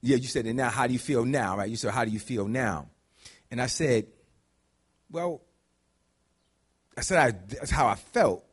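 A man preaching a conversational sermon, dropping to low murmurs and climbing to high shouts. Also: brisk, breathy edge. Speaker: pastor.

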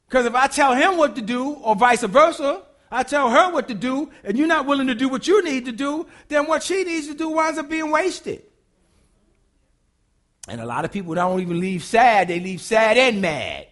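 High-voiced animated preaching man. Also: normal speed. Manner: animated preaching with acted-out quotes and asides; colloquial, humorous. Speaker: pastor. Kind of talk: sermon.

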